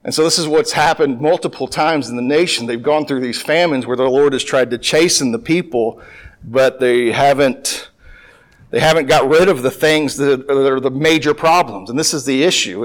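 A man's voice: medium pitch, normal speed, poor audio. A man teaching through a Bible passage verse by verse, reading the old text aloud and then explaining it in everyday words, often restarting his sentences. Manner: conversational, with frequent restarts and filler; reads scripture aloud and then explains it plainly.

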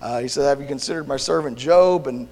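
A male pastor with a gravelly, hoarse voice preaches a sermon and prays, halting and restarting as he searches for words. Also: medium pitch, darkish tone. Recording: long hall reverb.

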